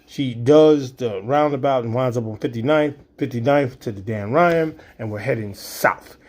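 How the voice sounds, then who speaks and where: Storyteller, male, 50s, middle-pitched, vivid spoken-word delivery with sound effects. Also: moderate pace, a little mellow. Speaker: storyteller and poet.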